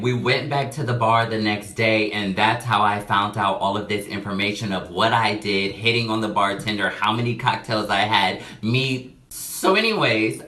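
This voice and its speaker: A young man telling a storytime vlog in a casual, expressive way, swearing freely and acting out the people in his story. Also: on the low side. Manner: animated, acts out every voice in the story, swears freely. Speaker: vlogger. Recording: echoey room.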